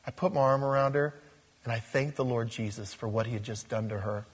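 A man preaching a conversational sermon, swinging between loud emphasis and soft asides. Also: mid-range voice, fairly quick, breathy edge.

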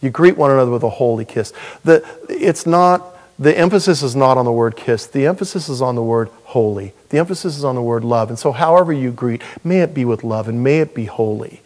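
Male pastor, sermon, earnest, folksy, mid-pitched voice. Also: animated, a little mellow. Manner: earnest, folksy, with quick humor and pauses. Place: church.

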